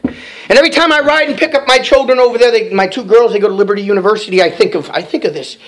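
A man's voice: sits high, racing, fairly bright tone. A man preaching a sermon in a folksy way, often saying amen, calling listeners brother and breaking into song. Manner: folksy, calls listeners brother, frequent amens, sings hymn-like lines. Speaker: pastor.

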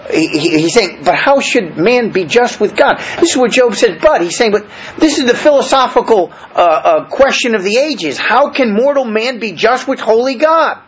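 A man's voice: high-pitched, muffled recording, slight background noise. A man preaching a verse-by-verse Bible sermon, calling out for amens and often restarting his phrases with fillers. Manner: animated, calls for amens, many fillers and restarts.

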